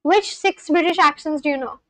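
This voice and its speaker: She's rambling on a casual livestream once more, reading the chat and responding to it. Her voice is high-pitched and a little fast, and the recording is dry with poor audio.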